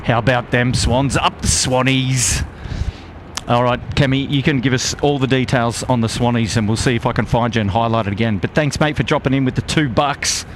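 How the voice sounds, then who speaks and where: A man with an Australian accent hosting a live stream outdoors, reading out viewer shout-outs in a friendly, upbeat way. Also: mid-range voice, fairly even intonation, a little fast, few pauses, slight background noise. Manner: upbeat, friendly, lots of "g'day, mate". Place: outdoors at an airport plane spotting spot.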